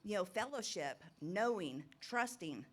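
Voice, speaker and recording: A woman's voice: mid-range voice, expressive, measured pace. A middle-aged woman giving an informal, rambling testimony talk at a recovery ministry, nervous and laughing often.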